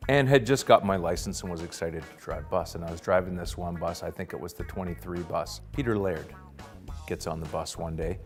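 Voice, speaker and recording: A man telling a rambling, boastful comic anecdote in a deadpan mock-documentary style, now and then bursting into loud quoted shouts. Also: deep voice, a little fast, big-room sound, faint music behind. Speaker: comic storyteller.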